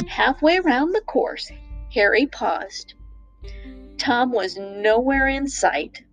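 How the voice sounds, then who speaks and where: A woman reading a children's storybook aloud, playful and expressive. She speaks slowly, her voice rising and falling widely on a fairly high pitch. Soft music plays faintly behind her. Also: lo-fi sound.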